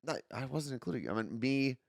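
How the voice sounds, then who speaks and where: A man's voice: mid-range voice, big pitch swings, fast, vocal fry, no room sound, clean studio sound. Joking man co-hosting a morning stream. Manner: joking, self-mocking. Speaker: podcast co-host. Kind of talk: casual morning show chat.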